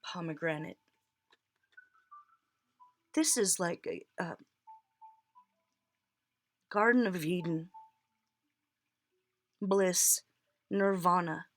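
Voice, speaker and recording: A woman's voice: fairly low pitch, drawn-out words, pauses often. A woman reading tarot cards for her viewers, tearful and heartfelt, laughing through her tears as she reassures them. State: crying. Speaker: tarot reader.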